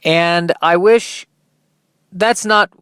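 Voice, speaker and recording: Man, podcast comedian, self-deprecating, rambling monologue, slightly high voice, dry close sound. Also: extremely slow, fairly bright tone, clear, resonant tone, no room sound.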